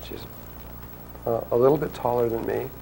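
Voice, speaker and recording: A man's voice: mid-range voice, steady tone, normal speed, vocal fry, mellow, a little hiss or hum, low-quality recording. A man telling a long personal story to an audience, rambling and acting out quotes. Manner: rambling, restarts often, acts out quotes.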